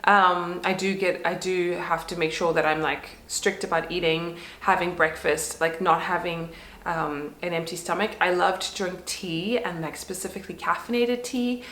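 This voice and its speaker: A woman's voice: on the low side, a bit bright. A woman vlogger and mother with a congested nose, chatting casually and rambling with lots of fillers. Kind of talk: casual chat to camera. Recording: roomy echo.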